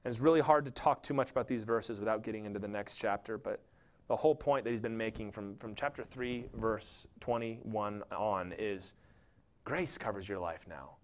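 A man's voice: on the low side, normal speed. A man pastor preaching a sermon in a conversational, jokey storytelling way, acting out quotes in little voices. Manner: animated, acts out quotes and voices.

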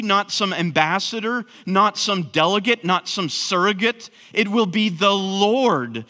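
A man's voice: high voice, bright, forceful tone. A man preaching an expository sermon, emphatic, with frequent restarts. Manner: emphatic, repeats words when restarting. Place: church sanctuary. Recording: long hall reverb.

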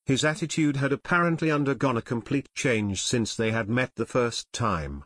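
A man's voice: medium pitch, animated, normal speed, fairly bright tone, no echo. Dry, close male audiobook narrator.

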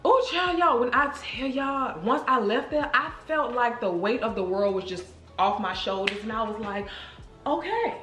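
A woman vlogger telling a story to her viewers in a casual, animated, emotional way, calling them girl and y'all. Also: fairly high pitch, normal speed, few pauses. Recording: roomy echo with faint music.

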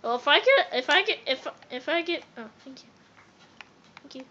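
A woman chatting casually while playing a game, excitable, repeating words and breaking into sudden squeals. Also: sits high, normal speed. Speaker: gamer. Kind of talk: casual let's-play chatter. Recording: dull lo-fi phone recording.

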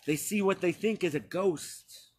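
A male pastor preaching a sermon, retelling a scripture story slowly with frequent pauses. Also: high-pitched, slightly rough.

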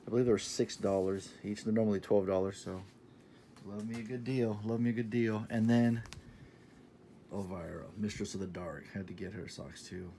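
A man in his thirties talking casually in a shopping haul vlog, enthusiastic and repetitive, sometimes dropping to a soft half-whisper. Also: fairly low pitch, normal speed, a little hiss or hum. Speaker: vlogger showing a shopping haul.

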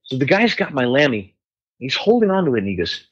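Man, podcast guest, animated storyteller, swears a lot, mid-pitched voice, slightly muffled lo-fi audio. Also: brisk, slightly rough. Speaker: guest musician. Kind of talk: casual storytelling chat.

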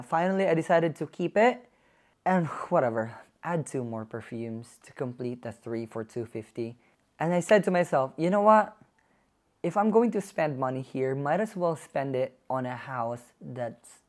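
Effusive male reviewer for a casual vlog, medium pitch, gushes and often sinks to a soft hush. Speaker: perfume reviewer. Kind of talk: casual perfume haul vlog.

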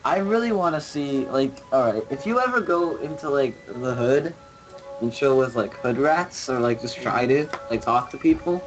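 A man's voice: medium pitch, animated, moderate pace, muffled recording, faint music behind. A man streaming a city-building game, chatting in a rambling, profane way full of filler words. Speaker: let's play streamer. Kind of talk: casual gaming chat.

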